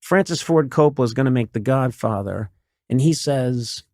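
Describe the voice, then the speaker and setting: A man's voice: medium pitch, lively intonation, a little fast, a little mellow, no echo, studio quality. A man hosting a podcast, chatting loosely and retelling film scenes with restarts and bursts of laughter. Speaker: podcast host. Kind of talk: casual conversational podcast talk.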